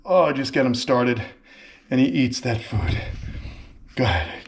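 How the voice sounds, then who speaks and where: A man's voice: medium pitch, animated, unhurried, slight background noise. A man hosting a casual vlog at a reptile sanctuary, talking with enthusiasm to the camera and to the animals, recorded on a camera mic indoors. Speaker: vlog host at a turtle and tortoise sanctuary.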